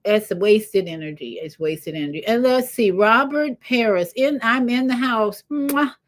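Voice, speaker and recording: An older woman hosting a casual spiritual livestream, rambling with animated asides. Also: fairly high pitch, a little slow. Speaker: livestream host.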